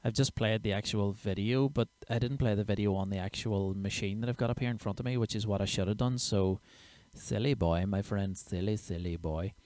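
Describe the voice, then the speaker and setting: A man's voice: on the low side, steady tone, a little fast, a little mellow, no echo. A man, a comedian chatting casually and sweary on his own livestream show. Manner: chatty, sweary, self-mocking. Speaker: comedian and podcast host.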